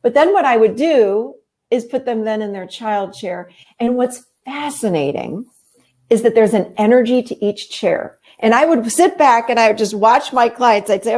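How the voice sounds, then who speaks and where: A woman therapist and life coach talks through her ideas in an easy conversational way. Her voice sits a little high for a woman, and she tells stories with energy, slipping into the voices of the people she quotes. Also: normal speed. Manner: animated storytelling, acting out quoted voices. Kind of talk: conversational explaining.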